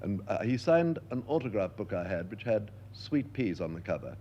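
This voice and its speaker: An older man being interviewed, telling lively stories and acting out the voices he quotes. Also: on the low side, normal speed, highs cut off, a little hiss or hum. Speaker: interviewed actor. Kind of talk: anecdotal interview talk.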